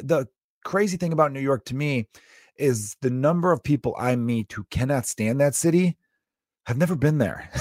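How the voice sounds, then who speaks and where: A man's voice: medium pitch, darkish tone, no echo, clean studio sound. A man in his thirties hosting a podcast, rambling and joking in a casual monologue, swearing freely. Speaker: podcast host.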